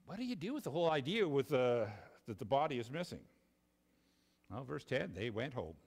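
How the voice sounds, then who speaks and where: A man preaching a sermon, expressive, often dropping low and quiet for emphasis and repeating himself as he goes. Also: brisk, gravelly, big-room sound. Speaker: pastor.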